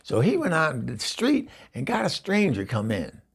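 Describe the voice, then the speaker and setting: Brief: man playing a bawdy, gossipy middle-aged woman, husky and rambling, pitch swings all over. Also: wildly swooping pitch, normal speed, full character voice. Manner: rambling, gossipy storytelling with stammered restarts. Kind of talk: comedy character monologue.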